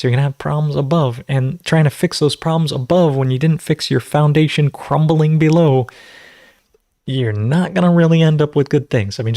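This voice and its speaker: A man's voice: medium pitch, a little mellow, dry recording, clean studio sound. A man hosting a casual livestream Q&A, rambling and conversational, full of fillers as he teaches natural farming.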